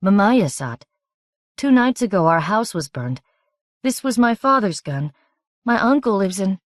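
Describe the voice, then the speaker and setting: A woman's voice: medium pitch, big pitch swings, unhurried, a little mellow, dry recording, voice pushed up. A woman reading the lines of a wary, guarded young girl, close to her own voice.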